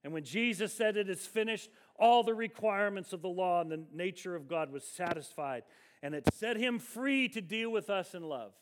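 A man preaching a sermon as pastor, emphatic, slowing down to stress key words. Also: sits high.

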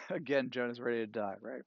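A pastor with a mid-range voice and vocal fry preaches a sermon conversationally, retelling a story and often checking in with "right?" He's indoors where it's cool enough for a jacket, and the recording is dry and lo-fi.

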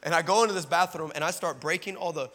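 A man with a high, bright voice preaches a sermon, acting out the dialogue of his story and rising into emphatic exhortation. His voice carries the long reverb of a large hall. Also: fast talker.

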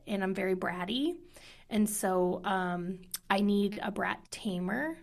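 A woman's voice: mid-range voice, slow, gravelly. A woman in candid conversation, talking earnestly and emotionally, sometimes dropping to a whisper.

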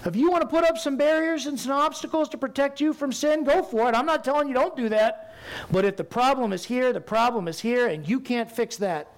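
High-voiced man preaching with animated bursts. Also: brisk. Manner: animated, rising to loud emphatic bursts. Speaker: pastor. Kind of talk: sermon.

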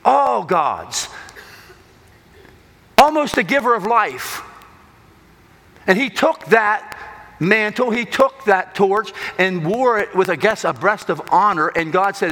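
A man preaching a sermon, swinging between loud emphatic lines and hushed low ones. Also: lively intonation, takes it slowly, pauses often. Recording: long hall reverb.

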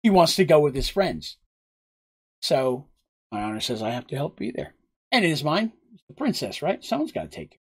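Lively, husky male storyteller. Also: on the high side, moderate pace, pauses often. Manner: animated, chatty, asides to chat. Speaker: storyteller recapping a game. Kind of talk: casual storytelling on a live stream.

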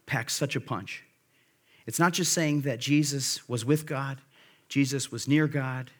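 A pastor preaching a sermon in a conversational way, with fillers and restarts, slowing and dropping quiet to stress key phrases. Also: male voice, mid-range voice. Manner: drops to a slow, quiet emphasis on key phrases.

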